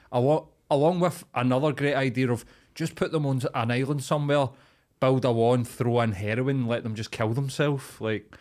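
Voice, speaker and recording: A man's voice: medium pitch, a little mellow. A young Scottish man with a Glaswegian accent, co-hosting a podcast in blunt, sweary casual chat. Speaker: podcast co-host.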